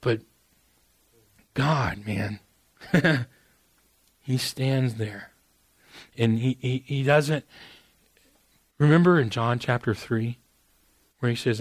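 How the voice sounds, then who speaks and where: A man's voice: mid-range voice, a little slow, pauses often, no echo. Earnest, conversational male preacher, dry sound. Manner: conversational and earnest, with repeated "man"; swings from quiet intimate passages to raised emphatic ones. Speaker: pastor. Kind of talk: sermon.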